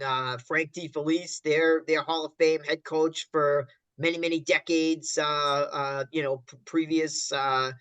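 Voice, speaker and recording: Slightly high-voiced man in dry, chatty talk. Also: a bit bright, dry recording. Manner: halting, joking, many fillers. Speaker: sports writer co-host. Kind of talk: casual podcast chat.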